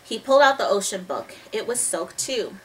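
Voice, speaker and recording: A woman's voice: medium pitch, far from the mic, low-quality recording. Woman reading a kids' book aloud. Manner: lively, expressive read-aloud, pausing to show pictures. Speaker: storybook reader.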